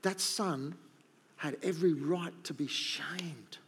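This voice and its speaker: A man's voice: a little high, slow pace, creaky, fairly bright tone, breathy edge. A middle-aged man preaching a sermon, emphatic and repeating his key points. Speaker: pastor.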